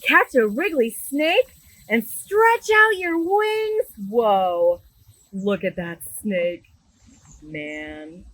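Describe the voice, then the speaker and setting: A woman's voice: fairly high pitch, animated, drawn-out words, fairly bright tone, poor audio. A woman librarian reading a picture book aloud to children in a sing-song storytime voice, outdoors in a garden. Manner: enthusiastic, sing-song, talks directly to children.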